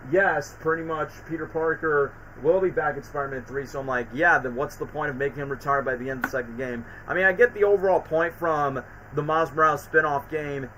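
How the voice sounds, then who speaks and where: A man streaming casual commentary, excitable and acting out quoted lines as he recaps scenes. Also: fairly high pitch, slight background noise, poor audio.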